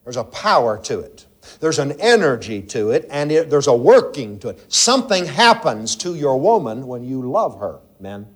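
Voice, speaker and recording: A man preaching a sermon to a congregation, swinging from loud emphatic lines to hushed, intimate asides. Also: sing-song, normal speed, breathy edge. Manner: preaching with sweeping swings in pitch and loudness, drops to near-whisper asides. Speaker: pastor.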